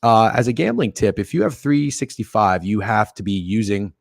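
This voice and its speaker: A man hosting a casual betting livestream, swearing freely and ranting with sharp jumps in loudness. His voice sits low and the sound is dry and close, with almost no room around it. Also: expressive, moderate pace, creaky, no room sound. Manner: profane, opinionated ranting with sudden loud outbursts. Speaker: sports betting stream host. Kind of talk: casual livestream rant and chat reading.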